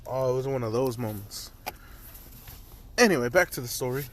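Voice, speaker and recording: Young man, casual storyteller, rambling, filler-heavy, profane, mid-pitched. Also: expressive, moderate pace, a bit bright, slight background noise. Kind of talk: casual spoken fan story.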